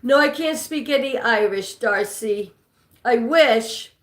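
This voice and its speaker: A woman's voice: fairly high pitch, takes it slowly. Chatty New York woman, echoey room. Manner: chatty, reads and answers viewer comments. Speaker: live stream host. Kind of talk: live trivia stream, reading chat.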